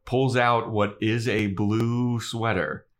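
A man's voice: lowish voice, fairly even intonation, slow pace. A young man co-hosting a podcast, casually retelling an episode scene by scene, acting out quotes with swearing. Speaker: podcast co-host. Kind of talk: casual chat recapping an episode.

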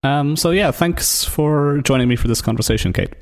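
A man hosting an interview, relaxed and appreciative, wrapping up the conversation. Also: a little high, moderate pace. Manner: relaxed, appreciative, casual fillers. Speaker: podcast host.

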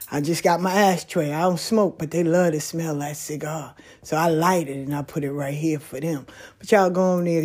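A woman talking casually on a back porch outdoors, telling stories in a folksy, animated way. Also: low voice. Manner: folksy, animated storytelling with laughs. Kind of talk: casual monologue.

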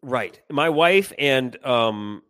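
A middle-aged man tells a story in a bright, forceful voice with a dry, close sound. He talks animatedly, swears freely, and acts out the people in it. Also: mid-range voice, lively intonation, drawn-out words, no echo. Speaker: podcast co-host. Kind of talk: casual storytelling chat.

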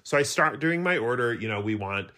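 A woman's voice: very deep voice, brisk. A middle-aged woman co-hosting a podcast, chatting casually and acting out funny stories with quoted voices and plenty of swearing. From Utah. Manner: animated storyteller acting out quotes, swears freely. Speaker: podcast co-host. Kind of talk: casual chat, storytelling.

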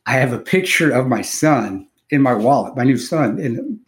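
A middle-aged man talks through a personal story on a podcast in a loose, profane, halting way, stopping and restarting his sentences as he goes. His voice sits at an ordinary middle pitch. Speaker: podcast co-host, former contractor. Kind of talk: casual storytelling.

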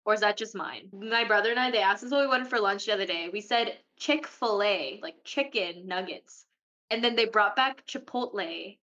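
A young woman in casual chat, asking questions and sharing quick anecdotes. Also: medium pitch, bright, forceful tone, dull audio. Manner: chatty, asks questions.

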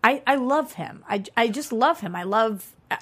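A woman co-hosting a casual podcast, enthusiastic and quick to laugh. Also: fairly high pitch, expressive, fairly bright tone, breathy edge. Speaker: podcast co-host. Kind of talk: casual chat.

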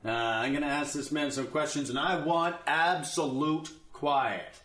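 An actor playing a blustering, self-important small-town constable who is slow to catch on. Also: male voice, on the high side, a bit bright, a little hiss or hum. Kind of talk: 1930s screwball film acting. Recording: roomy old film soundtrack.

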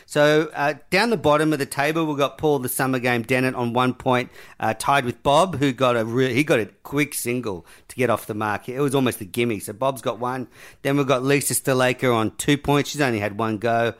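A man's voice: mid-range voice, steady tone, a little fast, fairly bright tone. A man, hosting a podcast and reading quiz questions aloud in a jokey, casual way. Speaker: podcast host.

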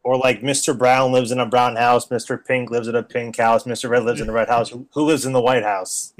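Male guest, teacher, mid-pitched, swears freely, loves bad puns. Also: fairly quick. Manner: animated storyteller, swears casually, loves puns. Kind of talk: casual podcast chat.

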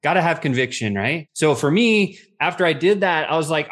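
A middle-aged man talks as a podcast guest, with a voice a little higher than most men's. He tells his stories with energy and acts out what people said, swearing now and then. His delivery is casual and unscripted. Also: a little fast, few pauses. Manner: animated, acts out quotes with swearing. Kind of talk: casual storytelling.

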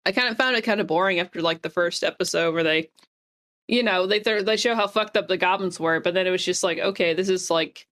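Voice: medium pitch, a little fast, fairly bright tone. A podcast host in casual chat, rambling along in a laid-back way.

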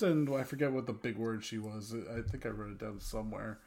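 A man co-hosting a casual film-review podcast, relaxed and a little hesitant, often trailing off softly. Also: on the low side, a little fast, vocal fry. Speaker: podcast co-host.

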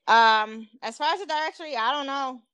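A woman's voice: sits high, a little fast, a bit bright. A woman co-hosting a podcast, talking casually and teasing with jokes. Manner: teasing, joking. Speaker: podcast co-host.

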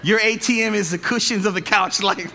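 Man preaching, high voice, bright and sharp, big church hall echo, animated and jokey. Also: fairly quick, creaky, some chatter behind, a little hiss or hum. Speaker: pastor. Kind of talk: sermon. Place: church sanctuary. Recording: long church hall reverb.

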